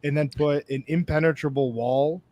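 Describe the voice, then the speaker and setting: A man co-hosting a podcast, tossing out deadpan, provocative jokes. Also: on the high side, normal speed. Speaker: podcast co-host. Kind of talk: casual chat.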